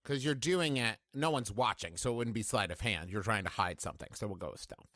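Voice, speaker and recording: A man's voice: fairly low pitch, brisk, a bit bright, dry recording, studio quality. A man running a tabletop role-playing game on a live stream, easygoing as he gives rulings. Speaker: game master.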